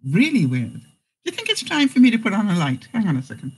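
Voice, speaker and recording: A woman's voice: medium pitch, huge pitch swings, fast talker, husky, low-quality recording. A woman hosting a casual live stream, reading out jokes and viewer comments and laughing often.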